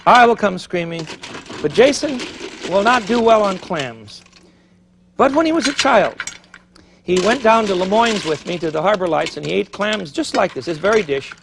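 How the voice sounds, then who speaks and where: A middle-aged man hosting a TV cooking show, chatty and animated, thinking aloud as he cooks in a studio kitchen. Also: sits high, moderate pace, gravelly, background noise. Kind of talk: TV cooking demonstration. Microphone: broadcast mic.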